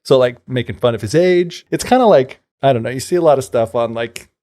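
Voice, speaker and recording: A man's voice: medium pitch, fairly quick, mellow. A man co-hosting a podcast, casually retelling a folk tale in a loose, chatty way, full of fillers and paraphrased dialogue. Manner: loose storytelling peppered with fillers and paraphrased quotes. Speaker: podcast co-host.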